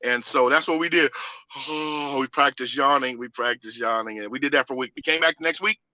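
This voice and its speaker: A man with a Southern US accent, a singer and producer, telling stories in a casual interview with lively laughs and many restarts. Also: mid-range voice, fairly quick, no room sound, lo-fi sound.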